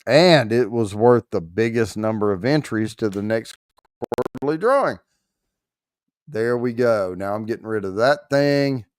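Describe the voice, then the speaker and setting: A man's voice: fairly low pitch, measured pace, clean tone, no room sound, clean studio sound. A man hosting a casual livestream and running a prize giveaway, joking loosely and swearing mildly while he works the screen.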